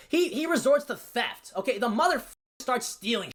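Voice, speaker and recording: Brief woman narrator, slightly high voice, profane, exasperated storytelling. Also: lively intonation, a little fast. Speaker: video narrator. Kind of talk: casual commentary narration.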